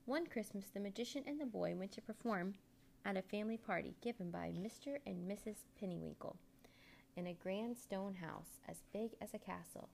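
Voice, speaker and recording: A woman narrating a children's storybook aloud in an expressive, measured way. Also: mid-range voice, creaky, slight background noise.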